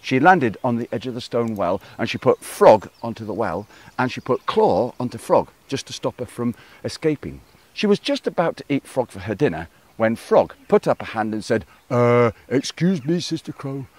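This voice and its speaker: A man telling a folk tale to a live audience in a playful, expressive way, chatting with his listeners as he goes. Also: mid-range voice, normal speed, no echo. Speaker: storyteller.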